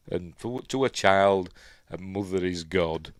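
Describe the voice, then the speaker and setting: Yorkshire man, middle-aged, low-pitched and dry-miked, rambling film commentary host. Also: a little slow, dry recording. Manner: rambling, chuckling, full of fillers.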